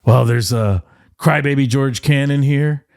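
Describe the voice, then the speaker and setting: Middle-aged male podcast guest from the Detroit area, loose anecdotal delivery with playful impressions, mid-pitched voice, dry studio sound. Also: unhurried, gravelly, darkish tone, no room sound. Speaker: podcast guest, former wrestling writer. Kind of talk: casual interview storytelling.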